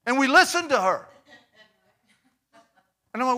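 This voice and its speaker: A man hosting a faith talk show, commenting in an animated, excitable way. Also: unhurried. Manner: excitable, mimics preachers in high voices.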